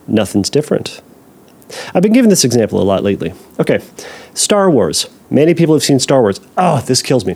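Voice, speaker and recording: A man talks through a listener's question on his podcast, relaxed and chatty. His voice moves a lot in pitch and he slips into mock-anxious voices to act out worried thoughts. He drops playful side comments along the way. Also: creaky, slightly rough. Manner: animated, acts out anxious inner voices, jokey asides. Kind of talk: casual advice talk.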